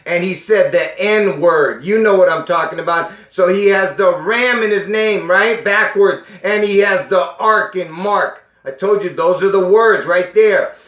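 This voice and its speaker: A man's voice: high-pitched, measured pace, hardly any pauses, fairly bright tone. A man talking casually to his viewers in an insistent way, often asking if they understand, with a strained, coughing voice. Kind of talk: casual monologue addressing viewers. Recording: echoey room.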